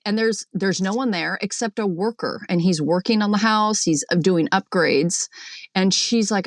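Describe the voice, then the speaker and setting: A woman calls in to a podcast from a boat and recounts her dream in a chatty, animated way. She leans on fillers and acts out the lines people spoke. Her mid-range voice sounds dry and close. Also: mid-range voice, moderate pace, no room sound. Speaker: caller. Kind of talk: recounting a dream on a call-in show.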